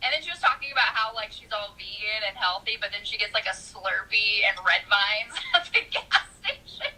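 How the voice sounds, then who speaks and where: A woman in casual book chat who is animated, laughs often and acts out her own reactions, with a husky voice. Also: fairly high pitch, measured pace, long pauses, rough recording. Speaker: book discussion co-host.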